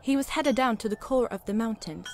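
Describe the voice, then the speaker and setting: A woman voicing a formal, learned scholar in a video game, measured and polite. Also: a little high, darkish tone, slight background noise, natural voice.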